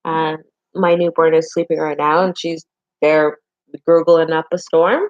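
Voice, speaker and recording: A woman's voice: low voice, flat delivery, measured pace, dry recording, dull audio. A young adult woman and parent giving frank, chatty advice straight to her viewers. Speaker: vlogger and parent. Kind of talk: casual chat to camera.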